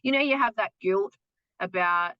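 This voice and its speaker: A woman's voice: medium pitch, moderate pace, no room sound. A young adult woman talking as a podcast guest, telling a personal story candidly and frankly, swearing freely and acting out what others said. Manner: frank, swears freely, acts out quoted voices. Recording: dull lo-fi dry remote sound.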